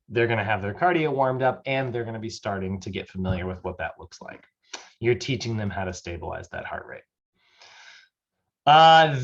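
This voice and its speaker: A man gives a casual class lecture on fitness training, talking in a loose, easygoing way with plenty of fillers. His voice sits in a middle pitch. The recording is a little muffled. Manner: loose and chatty, lots of fillers. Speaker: personal fitness training instructor.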